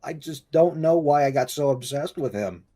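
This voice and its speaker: A man's voice: fairly high pitch, expressive, mellow. Tearful, stammering young man on a call. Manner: halting, stammering. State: crying. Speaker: call participant. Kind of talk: emotional voice call.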